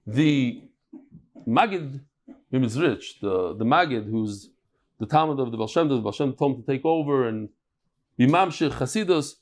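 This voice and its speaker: A man's voice: medium pitch, lively intonation, moderate pace. A middle-aged man teaching a daily Talmud class, asking and answering his own questions and bantering with students in the room. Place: classroom with a live audience.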